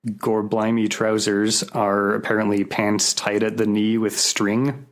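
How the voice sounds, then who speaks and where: A man co-hosting a podcast in casual chat, unhurried and a little hesitant as he explains slang terms. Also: lowish voice, level tone. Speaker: podcast co-host.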